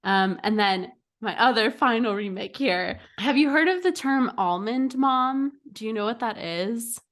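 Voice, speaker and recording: Giggly young woman, chatty and high. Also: animated, unhurried, a bit bright. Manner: giggly, acts out silly voices mid-story. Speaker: podcast co-host. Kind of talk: casual chat.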